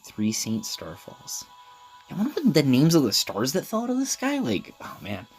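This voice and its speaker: A chatty, excitable man talks through a mobile game, tossing in casual slang as he goes. His pitch rises and falls in lively swings. Quiet game music runs behind him. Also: normal speed, slightly rough. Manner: chatty, excitable, lots of "dude" and "like". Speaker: gaming video host. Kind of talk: casual gameplay commentary.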